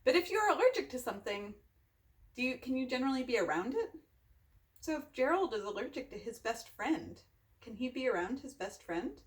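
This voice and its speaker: A woman hosting a children's storytime, reading a picture book aloud and gently asking the listeners questions. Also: high voice, very animated, a little fast. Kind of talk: interactive read-aloud for children.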